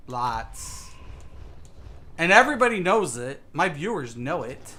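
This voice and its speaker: A man's voice: a little high, very animated, a little slow, sharp tone. A man streaming a game, ranting casually and swearing often as he repeats himself. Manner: ranting, profane, repetitive. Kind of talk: casual gaming stream talk.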